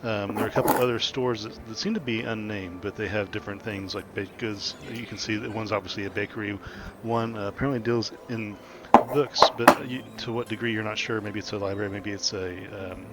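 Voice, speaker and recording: Man game master, low voice, rambling narration, noisy line. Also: steady tone, a little fast. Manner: rambling, many restarts and ums.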